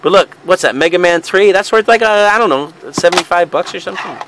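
A man's voice: high voice, fast, noisy background. A young man vlogging as a video game reseller, chuckling and rambling as he goes through a haul in casual banter. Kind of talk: casual vlog unboxing.

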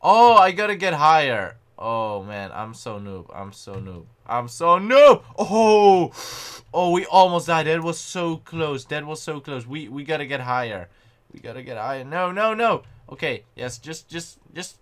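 A young man giving excitable, panicky gameplay commentary and often mocking his own mistakes. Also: fairly high pitch, measured pace. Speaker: gaming channel host.

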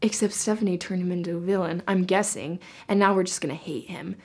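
A woman's voice: on the low side, a little fast. Gushing young woman reviewing a book. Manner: gushing, excitable, full of "like". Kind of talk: casual vlog book review.

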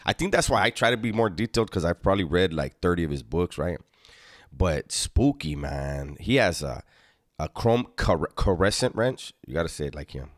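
A man's voice: low-pitched, expressive, brisk, dry recording, clean studio sound. A man hosting a casual chat, teasing and commenting on a guest's story. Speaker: podcast host.

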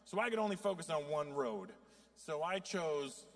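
A man in his fifties performing profane stand-up comedy on stage, with sudden loud, high outbursts. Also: animated, normal speed. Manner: profane storytelling.

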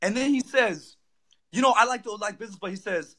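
Young male guest, high bright voice, rapid lively storyteller who acts out dialogue. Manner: excited, acts out quoted lines. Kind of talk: animated storytelling.

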